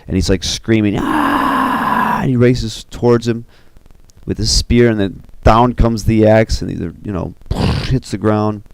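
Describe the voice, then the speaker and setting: A man casually recounting the scenes of an animated film, animated and full of "you know" and "uh". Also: lowish voice, normal speed, gravelly, clean tone, no echo. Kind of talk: casual retelling.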